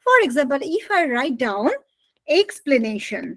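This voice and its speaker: A woman's voice: high voice, expressive, racing, fairly bright tone. A woman with a Bengali accent teaching spoken English in an online class, mixing English and Bengali and quizzing her students. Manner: mixes English and Bengali, asks students questions.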